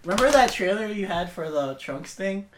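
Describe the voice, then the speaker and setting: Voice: mid-range voice, lively intonation, normal speed. A podcast co-host in casual chat who talks and teases freely. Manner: chatty, teasing. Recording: roomy echo.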